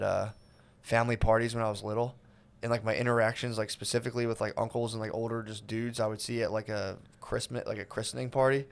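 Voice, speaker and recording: A man on a comedy podcast drifts through a loose, rambling story, stopping and restarting and leaning on fillers. His voice sits at an ordinary middle pitch with nothing showy. It is casual, joking talk between friends. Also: gravelly. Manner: rambling storytelling with many filler likes and dudes. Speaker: podcast co-host.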